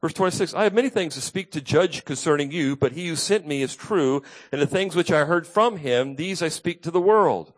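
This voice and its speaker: A man's voice: fairly high pitch, brisk, few pauses. A man preaching an earnest, emphatic expository sermon as a pastor.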